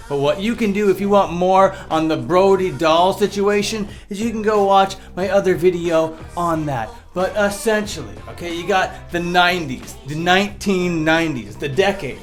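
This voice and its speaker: A man hosting a mock-serious comedy commentary, lecturing sarcastically. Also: sits high. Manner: sarcastic, lecturing, with mocking impressions. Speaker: youtuber host.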